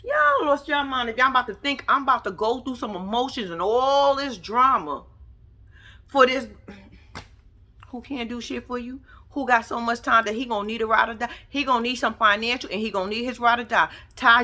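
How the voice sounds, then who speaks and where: Bright-voiced sassy woman vlogger. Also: a little high, fairly quick. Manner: profane, sassy, animated storytelling. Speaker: reality TV recap vlogger. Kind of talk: casual commentary.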